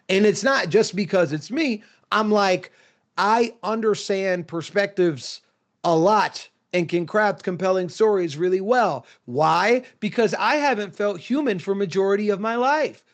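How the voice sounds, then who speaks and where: Emphatic male writer, high voice, casual podcast guest. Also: unhurried. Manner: animated, emphatic storyteller who laughs often. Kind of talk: casual chat.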